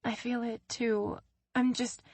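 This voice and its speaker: A woman's voice: fairly high pitch, level tone, slow pace, no echo, voice pushed up. A woman reading the lines of a playful, cheerful young professional woman in a romance story. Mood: soft. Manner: cheerful, playful, soft at times.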